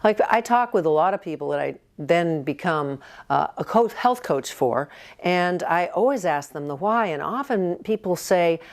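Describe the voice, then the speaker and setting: A woman's voice: sits low, lively intonation, moderate pace. A woman in her sixties, a nurse practitioner, telling personal stories earnestly in an interview and acting out what others said. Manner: earnest storytelling, acting out quoted voices. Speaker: nurse practitioner and health coach, guest. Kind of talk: casual interview talk.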